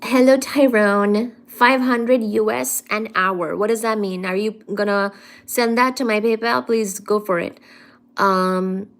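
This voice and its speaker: A woman's voice: medium pitch, steady tone, measured pace. A woman hosting a casual science live stream from home, playfully greeting viewers, reading their comments aloud and calling them darling. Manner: affectionate, calls viewers "darling".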